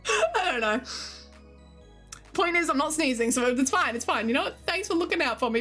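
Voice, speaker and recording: A woman's voice: sits high, sing-song, measured pace, pauses often, fairly bright tone, faint music behind. An Australian woman streaming, chatting casually and giggling while she reads and answers her live chat. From Queensland, Australia.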